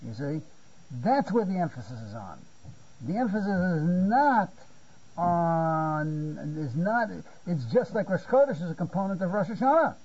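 An older man lectures on Torah in a halting way, stumbling and repeating words and asking "you see?" to check that his listeners follow. His voice sits high but sounds mellow and husky. The recording is muffled and lo-fi. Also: very animated. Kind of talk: spontaneous Talmudic lecture.

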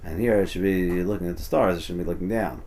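A fast, low-pitched, slightly mellow male voice belongs to a Torah teacher running an informal study of texts. He translates passages and explains them in the moment, thinking aloud, restarting often and leaning on "you know".

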